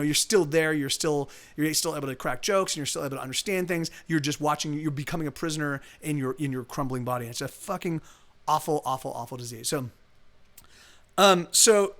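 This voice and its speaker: A man's voice: a little high, fairly bright tone. A man from the United States telling a story casually on a live stream, rambling with many restarts and fillers. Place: home streaming setup.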